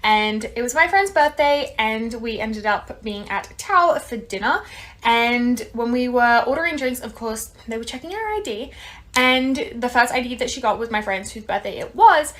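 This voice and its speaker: A woman's voice: fairly high pitch, moderate pace. An Australian woman casually telling an anecdote and acting out what others said. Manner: animated, acts out what others said. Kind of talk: casual storytelling.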